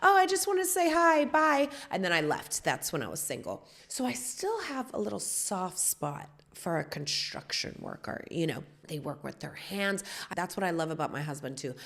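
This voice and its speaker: Woman, 40s, podcast host, slightly low pitch, bawdy candid storytelling. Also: very animated, normal speed, creaky, few pauses, a bit bright. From United States.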